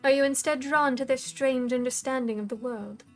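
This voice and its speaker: A woman reading aloud and voicing a cold, scornful older woman who acts as a dark mentor, speaking in a low, hushed, commanding way. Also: fairly even intonation, normal speed, faint music behind, lightly acted.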